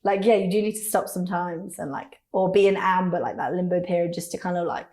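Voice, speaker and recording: A woman's voice: lowish voice, quick pace. Woman, 20s, radio presenter, chatty storytelling, echoey room. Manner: chatty, laughing, animated storytelling with acted quotes. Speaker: radio presenter, interview guest. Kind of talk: casual interview chat.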